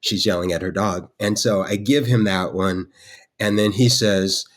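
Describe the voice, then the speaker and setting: Male podcast guest, low-pitched, meandering storyteller, halting with fillers. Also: fairly even intonation. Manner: rambling, with many restarts and fillers. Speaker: guest artist. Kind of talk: storytelling in conversation.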